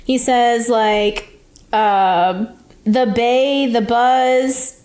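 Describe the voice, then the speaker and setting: A woman's voice: a little high, fairly even intonation, extremely slow, darkish tone. A young woman hosting a book podcast, chatting casually, giggling often and filling her retelling with "like". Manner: giggly, lots of "like" fillers, retells scenes. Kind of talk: casual chat.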